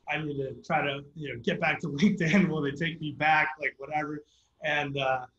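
Man, animated storyteller, bright forceful voice, slightly high, roomy dull audio. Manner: animated, fast storyteller with filler words. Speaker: startup founder guest. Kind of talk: casual storytelling interview.

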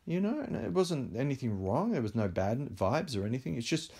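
A man's voice: medium pitch, sing-song, fairly quick, creaky, a little mellow, slightly rough. A man speaking as a film director in an interview, telling candid stories with frequent fillers. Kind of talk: conversational interview.

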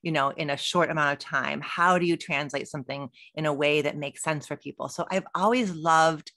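Bright-voiced enthusiastic woman guest. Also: low-pitched, fairly quick, dry recording, studio quality. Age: middle-aged. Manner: enthusiastic, expressive. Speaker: relationship expert guest. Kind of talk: conversational interview.

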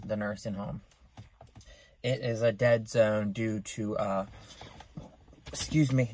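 A young man rambling through a casual vlog into his phone camera, chatty and self-mocking. His pitch sits in the middle of the male range but jumps up sharply when he gets excited. He sounds recorded close on a phone. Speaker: vlogger. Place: in a car outside a store.

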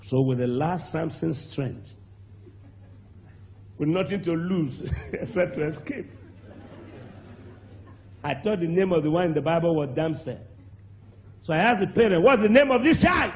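A man with a Nigerian accent preaching a sermon, telling a testimony with animated acted-out voices and sudden shouts. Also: fairly high pitch, a little slow, pauses often, slight background noise. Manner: animated storyteller, acts out voices, bursts into shouts and laughter.

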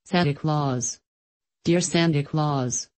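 A woman's voice: low voice, takes it slowly, darkish tone. A woman reading aloud, voicing a timid, anxious scarecrow who pleads and sobs. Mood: sobbing. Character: timid, anxious scarecrow boy, eager to be useful.

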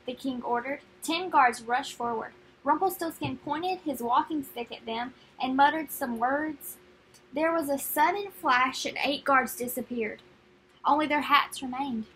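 A young woman reading a children's picture book aloud, friendly and expressive. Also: high voice, a little slow, low-quality recording. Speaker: read-aloud narrator.

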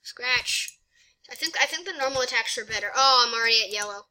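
A woman narrates her gameplay in a high, piercingly bright voice. She is excitable and chatty, muttering to herself between moves. It is casual let's play commentary from a gaming channel host. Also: fairly quick, low-quality recording.

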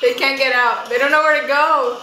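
A young woman talks through a video she is reacting to, chatty and full of exclamations. Her voice is bright and forceful. The room is echoey, with a faint hiss behind her. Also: sits high, steady tone, a little fast. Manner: chatty, exclaims and gasps often. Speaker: YouTube reactor. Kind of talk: casual reaction commentary.

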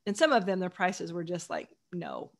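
A woman's voice: fairly low pitch, lively intonation, fairly quick. A woman author as a guest, chatting casually and enthusiastically in long run-on sentences. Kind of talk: casual chat.

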